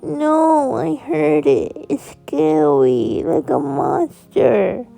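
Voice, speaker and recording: A woman voicing a small, frightened little boy fox in a children's story, with high, shrill, pleading cries. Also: very animated, very slow, gravelly, warm tone, soft background music, heavily acted. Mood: scared. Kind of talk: storybook character voice.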